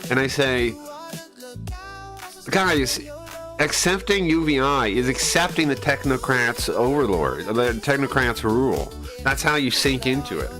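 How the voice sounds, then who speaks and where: A man's voice: mid-range voice, expressive, a little slow. A young man streaming live, ranting casually and heatedly with lots of swearing, rambling and restarting his sentences. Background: faint music.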